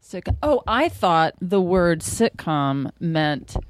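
A woman guest in a casual chat, deadpan and halting. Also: fairly low pitch, dry recording.

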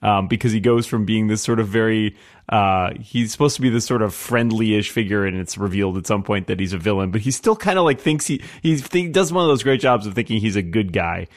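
A man co-hosting a casual movie podcast, laughing often and pausing with hesitant fillers. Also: lowish voice. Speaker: podcast co-host.

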